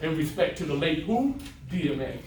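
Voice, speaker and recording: A man's voice: fairly high pitch, big pitch swings, moderate pace, darkish tone, roomy sound. Older male motivational speaker, storyteller with jokes, room sound from a distance. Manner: storytelling, plays voices in quotes, jokes with audience. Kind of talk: motivational talk with jokes and stories. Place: classroom of adult students.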